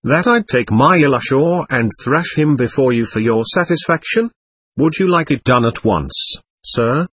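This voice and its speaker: A man playing a ragged older captain in a storybook, defiant and half mad with grief, his voice husky and swinging up and down as he mocks and pleads. He talks in bitter, theatrical bursts, grovelling one moment and defiant the next. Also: medium pitch, animated, normal speed, a bit bright, no echo. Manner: bitter, theatrical, self-abasing. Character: poor, defiant, buffoonish older male captain.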